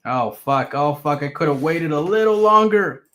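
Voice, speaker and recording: A man's voice: lively intonation, normal speed, a bit bright. A man putting on the voice of a whining, panicking small-time gambler who sold too early. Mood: panicked. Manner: wailing regret, high strained voice. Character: whiny panicking male crypto gambler.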